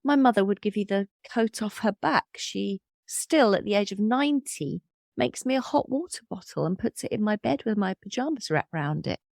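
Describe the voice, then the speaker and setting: A woman in her fifties, a podcast host and medium, telling personal stories in a candid, thoughtful way with soft laughs. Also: mid-range voice, animated, moderate pace, vocal fry, no echo, clean studio sound. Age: 50s. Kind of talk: reflective interview conversation.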